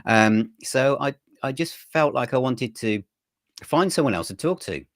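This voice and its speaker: A man, a magazine editor, chatting as an interview guest and telling his story in a relaxed, rambling way. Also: mid-range voice, unhurried, dry recording, studio quality. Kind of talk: casual interview chat.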